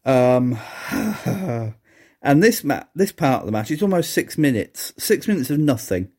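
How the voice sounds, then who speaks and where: A man's voice: medium pitch, big pitch swings, a little slow, a little mellow. A man hosting a wrestling review podcast on his own, talking casually with sardonic, exasperated asides and bursts of laughter. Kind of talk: casual solo review commentary.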